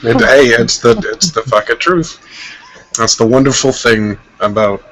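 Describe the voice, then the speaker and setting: A man's voice: medium pitch, unhurried, a bit bright, low-quality recording. A man from Tennessee with a Tennessee accent, joking crudely in casual voice chat banter. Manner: profane, joking. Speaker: voice chat participant.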